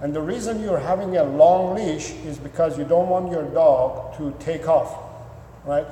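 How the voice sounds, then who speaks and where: A man's voice: on the high side, measured pace, mellow, slight background noise. A man working as a dog trainer, answering viewer questions in an instructive, repetitive way with many fillers. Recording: echoey room with long reverb.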